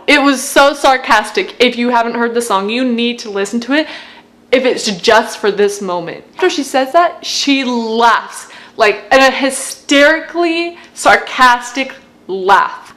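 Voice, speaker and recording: Bubbly woman vlogger, slightly high. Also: lively intonation, a little slow, a bit bright. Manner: bubbly, gushing fan enthusiasm. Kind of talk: casual chat breaking down song lyrics.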